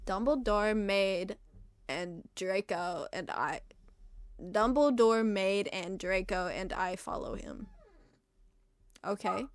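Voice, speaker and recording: A woman's voice: mid-range voice, slow pace, long pauses. A young woman giving a comedic dramatic reading of fan fiction, giggling and adding self-deprecating asides. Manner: giggly, often breaking into laughter. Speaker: reader.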